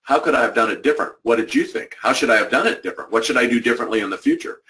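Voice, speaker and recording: A man with a medium-pitched, bright, forceful voice talks very fast. As a workshop presenter, he's energizing educators with a motivational training talk, repeating key points in an emphatic yet conversational style, recorded through a distant microphone.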